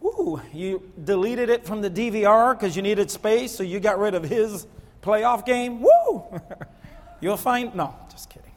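High-voiced preacher in a reverberant hall. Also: male voice, a little slow. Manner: animated, swings from low murmurs to near-shouting. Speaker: pastor. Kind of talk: sermon.

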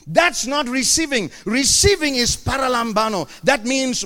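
A pastor preaching a sermon in a church, animated and playful, acting out his congregation's voices and teasing the crowd. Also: very high voice, normal speed, few pauses.

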